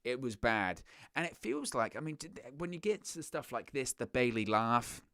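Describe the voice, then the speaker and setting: A man's voice: medium pitch, big pitch swings, moderate pace, a bit bright, clear, resonant tone, no room sound, clean studio sound. A man hosting a wrestling reaction show, ranting in a sarcastic, exasperated way. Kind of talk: casual reaction commentary.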